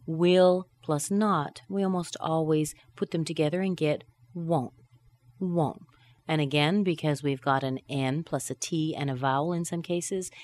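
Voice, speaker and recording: Slow, deliberate woman teaching pronunciation. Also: sits low, a little mellow. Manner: slow, deliberate drilling of short phrases. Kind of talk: English pronunciation lesson.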